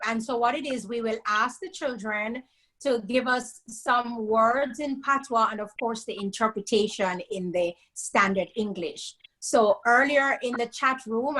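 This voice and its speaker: A woman speaks with a slightly high pitch in a casual live-stream chat. She explains things steadily and calmly over a video call. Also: rough recording. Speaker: co-host.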